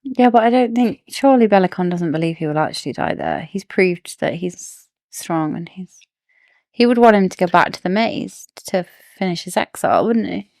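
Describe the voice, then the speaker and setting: A woman's voice: on the low side, expressive, normal speed, creaky, a little mellow, no room sound, clean studio sound. A woman co-hosting a podcast, casually speculating and asking questions about a book's plot. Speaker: podcast co-host. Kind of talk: casual book discussion.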